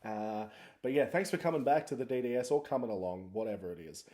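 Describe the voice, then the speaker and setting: A man's voice: mid-range voice, animated, fast, dark tone. A man hosting a podcast, chatting casually in a rambling, jokey, self-mocking way. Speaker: podcast host. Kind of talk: casual podcast intro chat.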